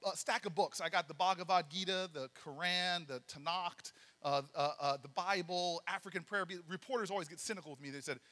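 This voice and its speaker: A man giving a storytelling speech at a banquet, acting out the dialogue with lively energy. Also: sits high, fairly quick, hardly any pauses. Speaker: political speaker. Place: large banquet hall. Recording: reverberant hall.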